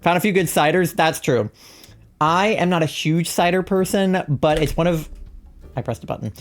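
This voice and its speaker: A woman's voice: lowish voice, normal speed. A woman streaming a game live, chatting casually and rambling as she reads out chat messages. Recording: faint music behind.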